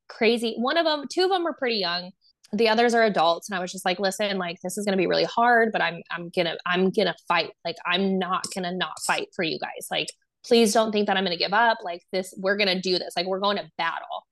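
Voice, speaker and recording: A woman's voice: mid-range voice, fairly bright tone. Candid young woman telling her story. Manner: casual, filler-heavy, acts out quoted dialogue. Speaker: guest sharing her story.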